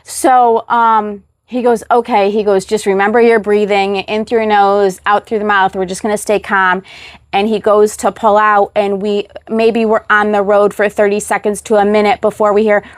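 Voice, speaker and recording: Woman, mid pitch, guest storyteller, animated retelling, dry close sound. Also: moderate pace, no echo. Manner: animated retelling, acts out quoted voices. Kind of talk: personal storytelling.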